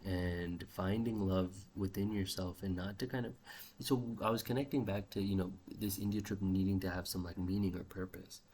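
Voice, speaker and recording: A man's voice: low voice, steady tone, moderate pace, dark tone, slight background noise. A young man talking in a rambling, musing video journal, swearing casually and often trailing off mid-thought. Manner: restless, trails off and restarts. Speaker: vlogger.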